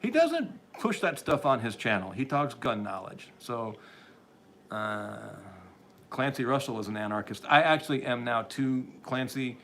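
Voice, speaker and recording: A man's voice: medium pitch, big pitch swings, a little slow, fairly bright tone, slight background noise. A man hosting a livestream, rambling through opinionated commentary as he reads and answers viewer chat, often restarting sentences and chuckling. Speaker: livestream host reading chat.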